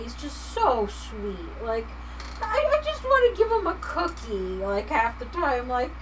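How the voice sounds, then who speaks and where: A woman's voice: a little high, distant mic, slight background noise, low-quality recording. A woman hosting a livestream, chatting casually in a rambling way with lots of filler words while she crafts at home. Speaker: livestream host.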